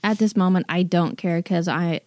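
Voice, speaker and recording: A woman's voice: fairly low pitch, steady tone, moderate pace, a little mellow, no echo, clean studio sound. A woman playing a tabletop game, chatting casually and playfully. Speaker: player. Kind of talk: casual chat.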